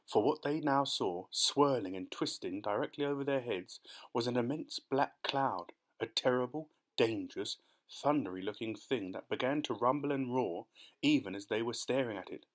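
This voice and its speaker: A man narrating a children's storybook audiobook in an expressive, dramatic way. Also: mid-range voice, moderate pace.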